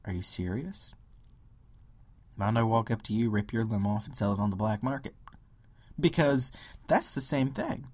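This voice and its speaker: Man, podcast host, husky, lively pitch, dry close sound, ranting. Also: moderate pace, long pauses. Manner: ranting, mocking impressions, drops into whispers. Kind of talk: solo political rant.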